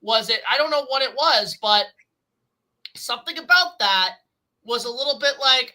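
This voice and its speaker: Excited woman doing a movie review, high pitched, super bright, swears a bit. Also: normal speed, poor audio. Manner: excitable, enthusiastic, swears casually. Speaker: film reviewer. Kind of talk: casual film review chat.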